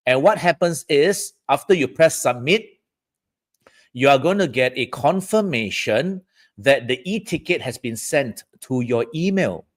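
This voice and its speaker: A man from Southeast Asia hosting a live-streamed feng shui talk, chatty and often checking in with "all right" and "okay, guys". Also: medium pitch.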